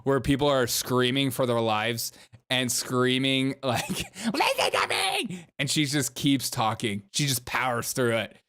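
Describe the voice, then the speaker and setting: Male host, sarcastic and mocking, clean resonant voice, mid pitch. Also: steady tone, unhurried, a bit bright, clean tone. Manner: mocking, laughing asides. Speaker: political commentary host. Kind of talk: sarcastic commentary over clips.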